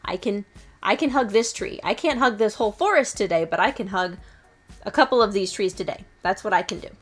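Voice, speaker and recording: A woman's voice: medium pitch, fairly quick, soft background music. A woman in her twenties giving casual motivational advice to fellow students, candid and self-mocking with some swearing. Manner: playfully acts out her own excited lines. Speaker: student vlogger. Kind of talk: casual motivational vlog talk.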